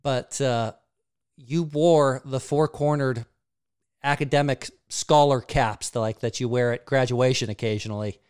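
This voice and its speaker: A man's voice: medium pitch, steady tone, measured pace, a little mellow, clean tone. A man hosting an interview, asking questions casually with many ums and uhs. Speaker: interview host.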